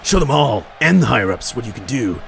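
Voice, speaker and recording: A man playing a stern wrestling boss in a video game, talking low and clipped. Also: big pitch swings, brisk, gravelly, a bit bright, faint music behind. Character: gruff male wrestling boss, stern mentor.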